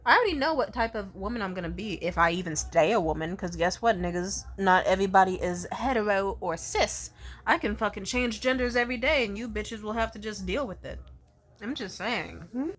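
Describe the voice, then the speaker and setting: A young woman rants straight to her followers in a casual vlog, swearing constantly and sounding thoroughly exasperated. Her voice sits at an ordinary middle pitch for a woman. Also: fairly quick. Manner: profane, exasperated ranting. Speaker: content creator.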